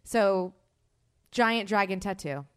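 A woman's voice: medium pitch, animated, slow, clean tone. Giggly young woman telling a story. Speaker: podcast host. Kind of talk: casual chat.

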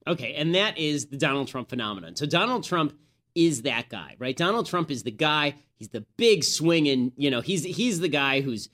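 A man's voice: fairly high pitch, expressive, normal speed, fairly bright tone. A male host delivers political commentary in a conversational, opinionated manner. He often restarts his sentences as he builds his argument.

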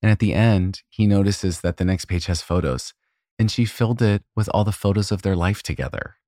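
A man's voice: on the low side, a little fast, dark tone, no echo, clean studio sound. A man co-hosting a podcast, retelling a story with emotional, gushing enthusiasm and plenty of filler words. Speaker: podcast co-host. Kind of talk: casual chat.

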